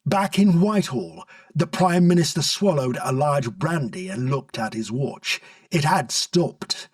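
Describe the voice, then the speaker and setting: A man narrating a comic story in an expressive storybook reading, recorded dry from a distance. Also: a little high, a little slow, dry recording.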